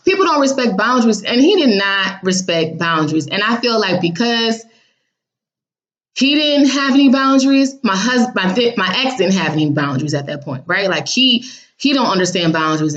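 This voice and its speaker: Blunt, animated woman telling a dream. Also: medium pitch, normal speed, lo-fi sound. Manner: animated, quotes people in raised voices, blunt and sassy. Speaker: vlogger recounting a dream. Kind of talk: casual storytelling to viewers.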